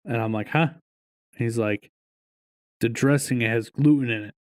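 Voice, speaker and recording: A man's voice: mid-range voice, fast talker, smooth. Profane ranting podcast man. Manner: profane, ranting, animated storytelling. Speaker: podcast co-host. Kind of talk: casual podcast chat.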